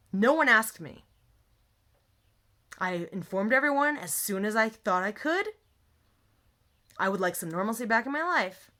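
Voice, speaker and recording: Young woman ranting into her phone, bright sharp voice, kinda high, swears a lot and rambles. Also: expressive, a little slow, pauses often. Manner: heated, rambling, swears freely. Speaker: vlogger. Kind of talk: emotional venting monologue. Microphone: phone camera.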